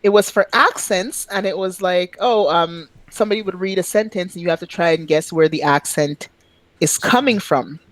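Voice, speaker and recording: A woman from Quebec chatting on a podcast, telling animated stories with sudden high-pitched outbursts and swearing freely. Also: moderate pace, no echo, low-quality recording. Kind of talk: casual chat.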